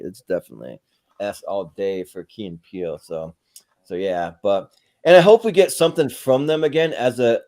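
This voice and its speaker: A man's voice: fairly low pitch, dark tone. A man co-hosting a casual panel chat, rambling and laughing as he retells comedy sketches. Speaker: podcast co-host.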